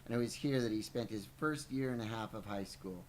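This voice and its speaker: A man's voice: on the low side, fairly quick, a little mellow, slight background noise, low-quality recording. A man reading a book aloud on a podcast, stumbling now and then and breaking off for playful asides. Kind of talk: live book reading with banter.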